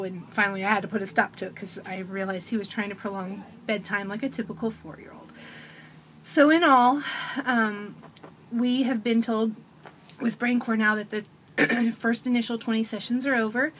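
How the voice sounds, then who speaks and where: A woman's voice: fairly high pitch, moderate pace, a bit bright, a little hiss or hum. A woman in her thirties giving a casual testimonial as a parent, telling stories with animation and acting out her child's voice.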